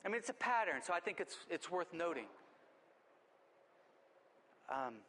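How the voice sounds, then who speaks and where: A man's voice: high-pitched, sing-song, normal speed, sharp tone, big-room sound. A man preaching a sermon in an earnest, conversational way, retelling scripture and reflecting on it. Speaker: pastor.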